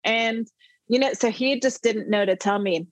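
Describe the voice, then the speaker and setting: A middle-aged woman, an interview guest, telling a personal story with animated emphasis. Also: a little high, moderate pace, no room sound. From the Netherlands.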